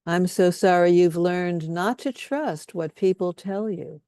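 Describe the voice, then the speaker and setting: A woman leading a guided healing workshop, speaking softly and soothingly as she has the group repeat statements after her. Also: fairly low pitch, a little slow, no room sound, studio quality. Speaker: workshop leader.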